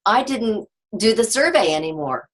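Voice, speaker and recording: A woman's voice: on the high side, big pitch swings, normal speed. A woman chatting casually as a participant in a team meeting, asking questions. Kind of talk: casual chat.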